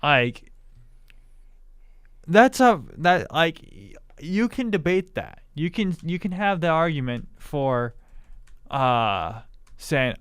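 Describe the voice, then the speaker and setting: A man's voice: on the high side, sing-song, takes it slowly, long pauses, fairly bright tone, clear, resonant tone, no room sound. A man hosting a racing podcast from a studio, trading joking, mock-defensive banter with his co-host. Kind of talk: casual racing podcast chat.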